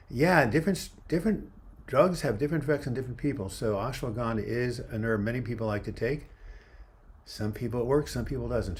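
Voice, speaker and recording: Rambling man in his seventies. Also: medium pitch. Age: 70s. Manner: rambling, reads comments aloud. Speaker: livestream host. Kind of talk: casual livestream chat answering viewer questions. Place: outdoors by a river waterfront. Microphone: phone held in one hand.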